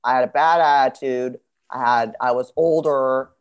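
A woman's voice: extremely low pitch, moderate pace, smooth, lo-fi sound. A woman in her fifties, a podcast guest, talking candidly and bluntly, swearing freely and acting out voices as she tells stories. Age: 50s. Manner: blunt, profane, animated storytelling. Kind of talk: candid conversation.

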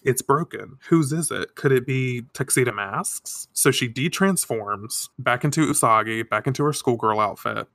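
A man in casual podcast chat, recapping comic scenes with quick voiced asides and sarcastic jokes. His pitch sits mid-range, and the recording is dry and close with no room sound. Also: vocal fry, fairly bright tone, no echo. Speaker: podcast co-host.

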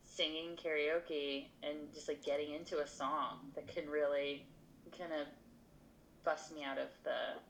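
Guest, woman, very low pitch with vocal fry, thoughtful and hesitant, video call with faint noise. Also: level tone, unhurried, poor audio. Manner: thoughtful, many ums, laughs easily. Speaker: actress, podcast guest. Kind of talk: podcast interview.

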